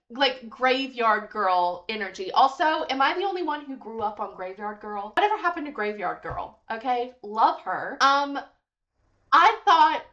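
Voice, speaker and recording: Chatty high-voiced woman commentary host. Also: sharp tone. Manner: chatty, casual, swearing, laughs as she talks. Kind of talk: commentary video. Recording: dull lo-fi mic.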